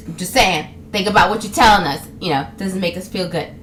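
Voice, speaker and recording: A woman's voice: medium pitch, expressive, fairly quick, slight background noise. Chatty young woman vlogging to camera. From New York. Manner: chatty, laughs a lot, acts out other people's lines. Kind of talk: casual comedic monologue to camera.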